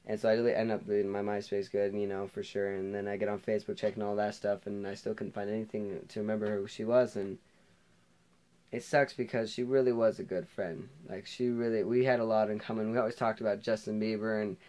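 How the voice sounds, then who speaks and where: Brief: young guy vlogger, lowish voice, chatty rambling storyteller full of fillers. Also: level tone, quick pace, mellow. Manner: rambling, heavy on "like" and "you know", laughs often. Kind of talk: casual storytelling.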